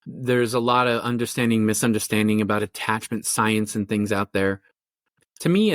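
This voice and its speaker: A man's voice: lowish voice, a bit bright, no echo, studio quality. A middle-aged man, a family therapist, explaining his ideas in a podcast interview with thoughtful, rambling speech full of fillers and restarts. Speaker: family therapist and parenting coach.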